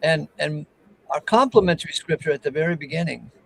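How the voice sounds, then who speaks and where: A man leading a casual Bible discussion, explaining scripture in an expressive, teasing way. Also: on the high side, fairly quick, gravelly, a little hiss or hum, rough recording. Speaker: Bible teacher.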